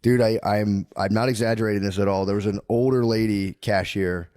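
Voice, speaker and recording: A man's voice: on the low side, steady tone, brisk, a little mellow, no echo, clean studio sound. A man in his thirties telling a rambling story in casual comedic podcast chat, laughing and swearing as he goes. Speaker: podcast co-host.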